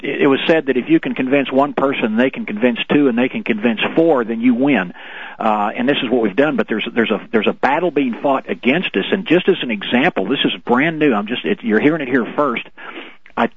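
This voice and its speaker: Male radio guest over the phone, husky voice, animated indignant storyteller. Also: medium pitch, no room sound. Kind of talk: talk radio interview. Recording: tinny phone line on radio.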